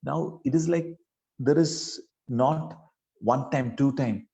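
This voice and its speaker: A man's voice: mid-range voice, slow, gravelly, warm tone, dull audio. A man preaching a sermon, speaking earnestly and pleadingly to his listeners and often adding "you know" mid-sentence.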